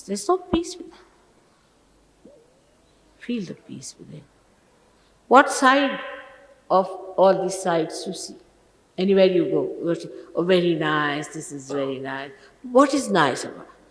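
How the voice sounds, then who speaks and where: Woman scolding followers in an echoing hall. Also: medium pitch. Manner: scolding, admonishing, emphatic. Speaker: spiritual teacher. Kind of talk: sermon to followers. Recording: old archival recording with long reverb and faint hiss.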